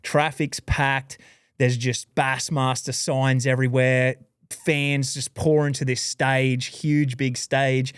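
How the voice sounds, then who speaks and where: A man with an Australian accent recounting his journey as a podcast guest, casual and animated, leaning on "dude" and "like" as he goes. His voice is smooth and resonant, recorded close and dry with no room sound. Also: mid-range voice, takes it slowly, dry recording. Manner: lively, rambling storyteller, says "dude" and "like" a lot. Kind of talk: casual storytelling interview.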